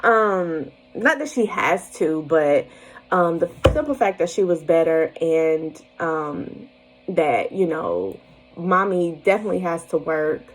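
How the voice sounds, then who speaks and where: With a fairly low, expressive voice, a young single-mom vlogger speaks slowly to camera about her morning, casual and chatty, often laughing and directly reassuring her viewers. The audio is poor.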